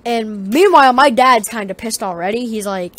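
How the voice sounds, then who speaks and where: A woman's voice: fairly high pitch, moderate pace. Swearing, rambling woman telling a story. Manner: profane, rambling and animated. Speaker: vlogger. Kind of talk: casual storytelling.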